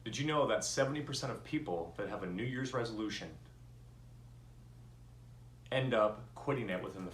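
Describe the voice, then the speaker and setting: A man's voice: fairly low pitch, reverberant, slight background noise. A man giving a personal motivational talk, earnest and candid, telling stories from his own life. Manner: earnest storytelling, animated when voicing others. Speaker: motivational speaker.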